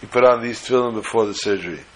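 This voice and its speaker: A man's voice: fairly low pitch, rapid-fire, poor audio. A man telling a story in a sermon, acting out the dialogue with animation.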